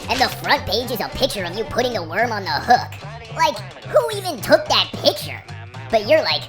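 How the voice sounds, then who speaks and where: Woman, comic monologue, exasperated deadpan, lively high voice. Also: a little fast. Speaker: comedian. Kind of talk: comedic monologue. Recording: music behind the voice.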